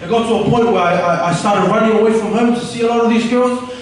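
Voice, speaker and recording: A young man tells his life story in an earnest, candid way, his voice pitched notably high. He sounds set back from the mic in a very echoey room, with a faint hiss of noise behind him. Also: fast talker, recorded from a distance. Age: young adult. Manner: earnest and candid, with frequent restarts. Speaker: speaker giving a personal testimony. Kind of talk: personal testimony told to an audience.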